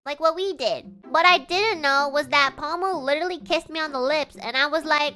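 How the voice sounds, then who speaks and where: Young woman streamer, bright and a touch high, chatty and giggly storytelling. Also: fairly quick, few pauses, faint music behind. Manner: giggly, animated, full of "like" and "you know". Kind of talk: casual storytelling on a live stream.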